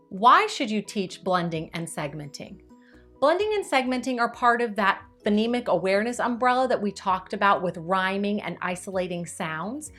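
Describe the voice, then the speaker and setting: A woman explains early reading skills to parents in a clear, upbeat teacherly voice. She slows right down to stretch and sound out words as she demonstrates. Quiet music plays faintly underneath. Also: medium pitch. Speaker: teacher giving tips to parents. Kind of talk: instructional video.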